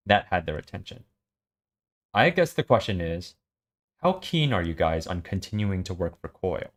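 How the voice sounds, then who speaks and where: A man recapping and reading a web serial aloud, halting with many ums. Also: deep voice, big pitch swings. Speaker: story reader.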